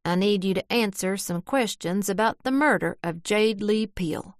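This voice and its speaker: A woman voicing a stern male sheriff's deputy from a small town, speaking in a flat, official way. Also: mid-range voice, normal speed, no room sound, clean studio sound, natural voice. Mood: firm.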